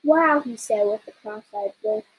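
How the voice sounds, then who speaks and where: A woman reading a children's picture book aloud with expressive storytelling, soft and slow in places. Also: fairly high pitch, lo-fi sound, a little hiss or hum. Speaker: story reader.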